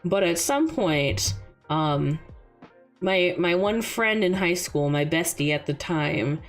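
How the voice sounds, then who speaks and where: A young woman streaming casual chat, an animated storyteller who laughs often. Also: lowish voice, takes it slowly, soft background music.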